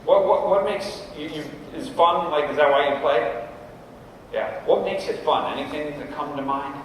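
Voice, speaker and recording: A man's voice: on the high side, moderate pace, fairly bright tone, a little hiss or hum. Man speaking in an echoey hall. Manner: conversational, often adds "right?" to check in with the room. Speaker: guest speaker at a coaches' meeting. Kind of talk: informal talk to an audience. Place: large room at a meeting. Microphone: camera at a distance. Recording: echoey hall recorded from far off.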